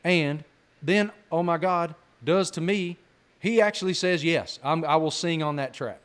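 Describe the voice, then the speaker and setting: A man hosting a podcast, joking and firing off quick questions to his guest. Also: fairly high pitch, a bit bright, smooth. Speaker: podcast host. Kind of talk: casual interview chat.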